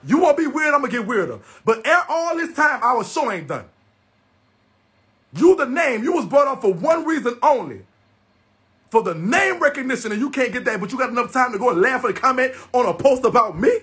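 A man's voice: very high voice, very animated, brisk, a bit bright, husky. A man ranting angrily to his viewers, heated, repetitive and confrontational. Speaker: livestreamer. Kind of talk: angry profane rant to viewers.

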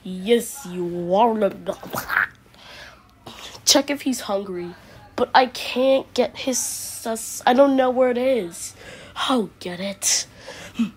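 Brief: woman, slightly high-pitched and husky, silly improvised skit voice. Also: slow pace. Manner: silly, playful, jumps between voices. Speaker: video creator. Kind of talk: goofy improvised play-acting.

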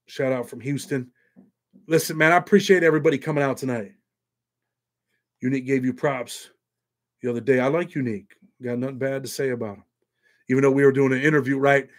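A man's voice: mid-range voice, fairly even intonation, brisk, long pauses. A man hosting a casual livestream, rambling and profane, reading viewer donations aloud between prison stories. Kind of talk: casual live chat with viewers.

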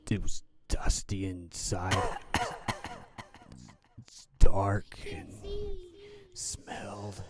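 Slow, whispery spooky storyteller man. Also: sits low, huge pitch swings. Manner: half-whispered, rambling, with fillers.

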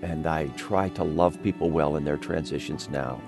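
A man, a pastor and author, talking through a Bible story in a relaxed conversational way and steering the discussion. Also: a bass voice, moderate pace, over music. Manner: storytelling, directs others playfully.

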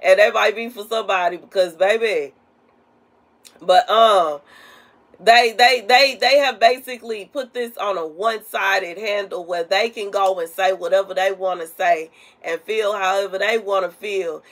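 A woman's voice: medium pitch, moderate pace, a bit bright. Chatty, rambling woman giving a prophetic message. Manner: rambling and conversational, with frequent asides. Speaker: prophetic minister. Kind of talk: casual spoken prophetic message.

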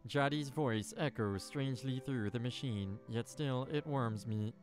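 A slow, deliberate robot voice, as a male streamer puts it on, each word dragged out flat and mechanical. Faint guitar music plucks along behind it. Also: medium pitch, natural voice. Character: slow, flat-voiced machine relaying a message.

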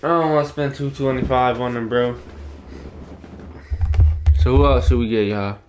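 A man's voice: mid-range voice, normal speed, noisy background. A man streaming a video game, chatting casually and in slang with his viewers and jokingly scolding them. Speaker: gaming streamer. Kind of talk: casual live-stream chat while playing.

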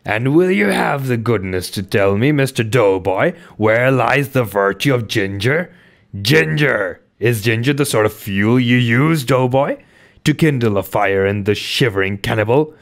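A man's voice: medium pitch, lively intonation, unhurried, vocal fry. A man reading aloud voices a blustering, mocking sailor mate with rising outbursts, as in a storybook.

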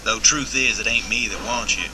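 A man's voice: fairly low pitch, fairly quick, crowd noise, natural voice, rough recording. A man playing a brash, cocky male henchman in a game cutscene, drawling his banter.

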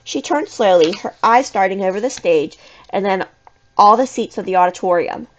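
A woman's voice: medium pitch, moderate pace, poor audio. Woman reading a spooky storybook aloud. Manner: expressive, suspenseful reading. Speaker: audiobook reader. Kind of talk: storybook narration in first person.

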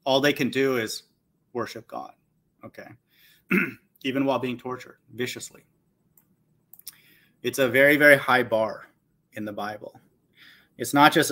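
A man's voice: medium pitch, unhurried, long pauses, bright, forceful tone. A man hosting a Bible channel, reading scripture aloud and commenting on it in a blunt, scornful way, repeating "okay" between his points. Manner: blunt and insulting, mocks listeners.

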